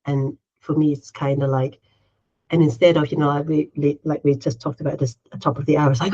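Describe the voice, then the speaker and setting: A woman's voice: low-pitched, sing-song, a little fast, husky, dull audio. A woman co-hosting a casual podcast chat. She talks in a chatty, running way, tags her sentences with "right?", and acts out her own inner voice in little quotes. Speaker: podcast co-host.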